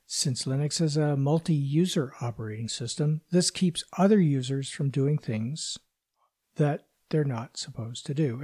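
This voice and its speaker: A man hosts a casual tech podcast in an even, mid-range voice. He explains things step by step in a friendly, conversational way. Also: mid-range voice. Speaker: podcast host.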